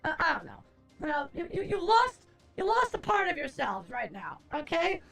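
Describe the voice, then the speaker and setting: A woman's voice: high-pitched, huge pitch swings, moderate pace, creaky, fairly bright tone, soft background music. A young adult woman streamer chatting casually on a live stream, rambling, exasperated and profane as she answers her chat.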